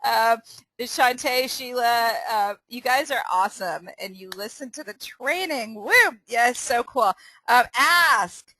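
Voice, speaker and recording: A woman's voice: a little high, animated, slow, bright, forceful tone, rough recording. Upbeat woman leading a sales training. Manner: upbeat, laughs often, restarts sentences. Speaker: sales trainer hosting a team call. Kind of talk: casual training call with quiz.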